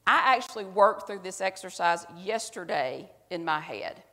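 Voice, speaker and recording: A woman pastor preaching in a medium voice that is neither high nor low. She talks straight to the congregation, joking about herself in a loose, conversational sermon. Her words ring out with a long reverb, as in a large sanctuary. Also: lively intonation, normal speed, pushed and bright. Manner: conversational and self-mocking, talks directly to the congregation.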